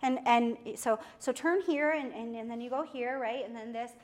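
A middle-aged woman preaching a sermon in a lively way, laughing often and acting out what people say. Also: fairly high pitch, moderate pace. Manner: lively, laughs often, acts out quoted speech.

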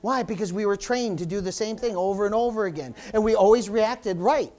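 A pastor gives a sermon to the congregation in church, speaking fairly quickly in a medium pitch with a slightly mellow quality. Restarted phrases come often, as do calls of "amen?" and "praise the Lord."

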